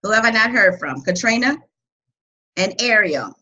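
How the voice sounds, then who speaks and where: A woman hosting a live webinar as a coach, talking loudly and energetically and reading out viewers' chat comments. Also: mid-range voice, lively intonation, moderate pace, husky, dull audio.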